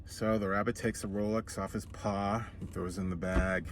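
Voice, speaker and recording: A man telling a comic story in a casual, animated way, slowing down for dramatic effect. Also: fairly low pitch.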